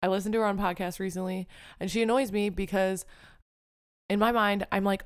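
A woman's voice: mid-range voice, normal speed, clear, resonant tone. A young woman hosting a casual solo podcast, talking candidly and rambling, self-deprecating and often swearing. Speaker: podcast host.

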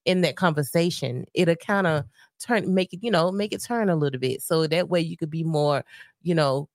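A woman's voice: low voice, normal speed, no room sound, studio quality. Woman co-host laughing with her husband. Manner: laughing, lightly sarcastic. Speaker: podcast co-host. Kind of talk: casual chat with her husband.

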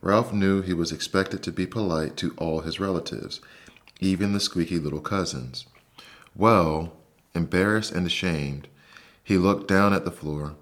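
A man with a deep, low voice reads a bedtime story aloud. His narration is soft, slow and soothing. He speaks as a calm podcast host.

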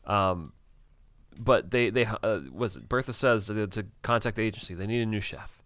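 Chatty man with a low voice. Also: normal speed, a bit bright, no echo. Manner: chatty, laughs often, many fillers and restarts. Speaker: podcast co-host. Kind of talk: casual TV recap chat.

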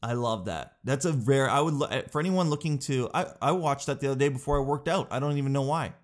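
A man in his thirties telling stories in a casual podcast monologue, rambling and animated and often saying "dude". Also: mid-range voice, quick pace.

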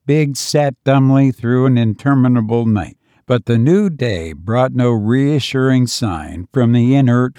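A man reading a story aloud in measured, solemn scripted narration. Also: medium pitch, darkish tone, dry recording, clean studio sound. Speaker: audiobook narrator.

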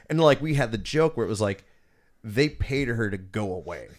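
A man's voice: lowish voice, animated, normal speed. A man hosting a podcast, telling profane, rambling stories full of fillers in a casual chat. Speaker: podcast host.

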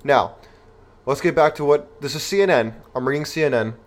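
A man's voice: on the high side, fairly quick. A young man hosting an opinion commentary show, reading news aloud and reacting with rhetorical, indignant outrage.

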